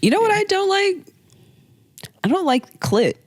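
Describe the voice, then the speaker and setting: A woman's voice: very high-pitched, sing-song, measured pace, no room sound, studio quality. A woman co-hosting a podcast, chatting casually in a bold, crude, playful way. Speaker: podcast co-host. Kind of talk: casual chat.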